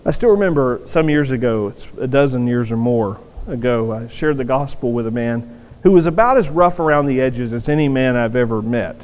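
Expressive and brisk, this pastor has a mid-range, darkish voice as he preaches an earnest sermon, repeating words for emphasis. The sanctuary recording carries a big hall's long reverb.

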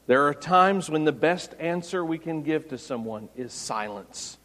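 A man preaching an expository sermon, rising to loud, emphatic peaks. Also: fairly high pitch, expressive, unhurried. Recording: long hall reverb.

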